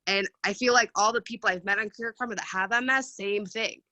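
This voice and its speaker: A woman's voice: mid-range voice, fairly even intonation, a little fast, pushed and bright, no room sound. A woman in her thirties on a video call, speaking frankly and with heat about what matters to her. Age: 30s. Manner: frank and heated, speaks with feeling. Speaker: workshop host. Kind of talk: casual video-call chat.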